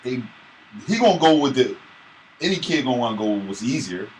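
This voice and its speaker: Man, laid-back, lively intonation; light background hiss. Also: mid-range voice, a little fast, low-quality recording. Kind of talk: casual chat.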